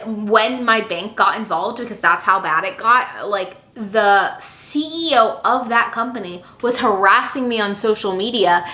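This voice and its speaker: A young woman telling a personal story to camera in a casual, animated way, acting out her own past quotes. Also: medium pitch. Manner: animated, expressive, acts out quotes. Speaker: business coach vlogger. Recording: echoey room.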